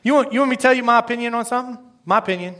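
A man preaching a sermon, with lively, conversational rhetorical questions and slow, measured scripture readings. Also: extremely high pitch. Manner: slows to a measured pace when reading scripture. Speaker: pastor.

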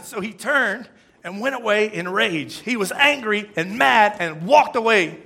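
Bright-voiced man preaching casually. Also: sits high. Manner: conversational preaching, shifts between loud and hushed. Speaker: pastor. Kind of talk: sermon.

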